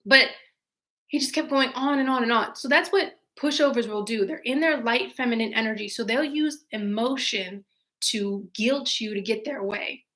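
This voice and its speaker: Bright, chatty young woman live-streaming. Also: on the high side, moderate pace. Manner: chatty, animated storytelling with answering of viewer questions. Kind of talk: casual live-stream chat and storytelling. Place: at home.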